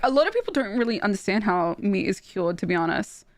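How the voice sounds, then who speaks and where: Animated young woman streamer, dry sound. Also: medium pitch, quick pace, no room sound. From Australia. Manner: animated storytelling with laughs and repeated restarts. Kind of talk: casual chat while streaming.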